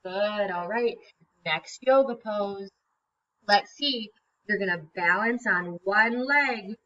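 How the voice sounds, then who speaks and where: Slow, bright-voiced woman teacher. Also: mid-range voice, lo-fi sound. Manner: slow, gentle and encouraging, prompting children to join in. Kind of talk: reading a picture book aloud to children and leading yoga poses.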